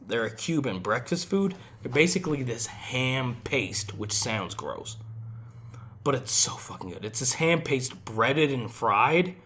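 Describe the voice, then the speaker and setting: A young man co-hosting a laid-back podcast, his voice rising and falling in a lively, animated way. He tells his stories with emphatic, profane enthusiasm, and his pitch sits in the ordinary middle range for a man. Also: measured pace. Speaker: podcast co-host. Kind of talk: casual chat.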